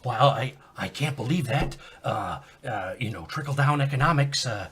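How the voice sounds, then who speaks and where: A man improvising an older former president phoning in from heaven, speaking in halting, stammering bursts full of fillers. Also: mid-range voice, animated, a bit bright, husky, heavily acted. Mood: chummy. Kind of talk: improvised comedy sketch.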